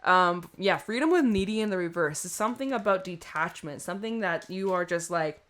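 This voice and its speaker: A woman's voice: on the low side, fairly quick, a bit bright. A woman giving a casual tarot reading to camera, chatty and rambling, often laughing at herself. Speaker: tarot reader.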